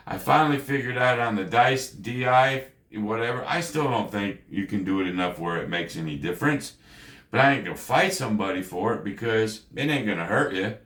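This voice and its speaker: A man's voice: on the low side, a bit bright, echoey room. A man hosting a gambling channel, talking late at night in a casual, slangy monologue and lecturing the viewer in a folksy way.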